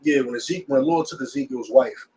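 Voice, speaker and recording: A man teaching a scripture class in an animated way, often checking that his students understand. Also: medium pitch, fast talker, distant mic, low-quality recording.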